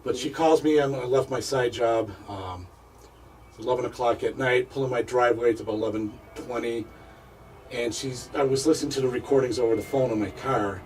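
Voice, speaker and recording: A man, a paranormal investigator, telling a personal story as a radio interview guest, halting and repeating words as he goes. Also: mid-range voice, a little mellow, distant mic, low-quality recording.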